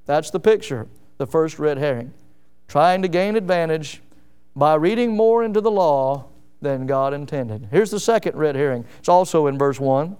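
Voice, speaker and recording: A man's voice: fairly high pitch, lively intonation, moderate pace, darkish tone, clean tone. A man preaching a sermon in an emphatic manner, driving his points home with frequent rhetorical questions.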